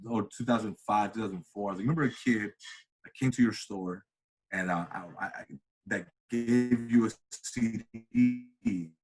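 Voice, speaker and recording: A man in his thirties, an interview guest, telling a story in a casual way and acting out the voices of the people in it. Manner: animated, acts out quoted voices with big pitch jumps. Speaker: interview guest, comedian and cinematographer.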